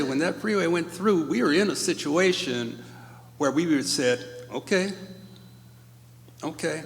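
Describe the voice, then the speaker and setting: An older man telling a personal story on stage, emotional and choked up, speaking slowly and haltingly. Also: mid-range voice, a bit bright. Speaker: panelist at a live storytelling event. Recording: reverberant hall.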